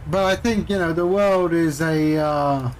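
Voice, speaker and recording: A man's voice: on the high side, unhurried, a little hiss or hum, poor audio. A man streaming a flight sim, chatting casually and rambling through anecdotes with frequent chuckles. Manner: rambling storyteller, chuckles often, acts out callers.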